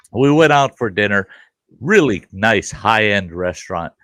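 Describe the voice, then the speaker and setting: A man's voice: on the low side, fairly bright tone, no echo, studio quality. A man hosting a casual chat, telling a joke story and acting out the voices of the people in it. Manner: joking storyteller, acts out voices in his tale. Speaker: host.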